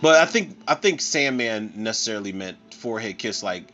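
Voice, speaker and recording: A man from Philadelphia hosting a tipsy movie commentary, talking in an excitable, profane way with laughing asides. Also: on the low side, fairly quick, muffled recording, faint music behind. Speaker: podcast host.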